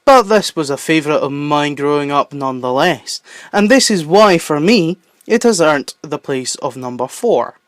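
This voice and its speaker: A young man with a Southern English accent hosting a countdown video, with playful, excitable asides. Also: a little high, normal speed, few pauses, no room sound, studio quality. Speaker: YouTube host. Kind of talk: enthusiastic list-video narration.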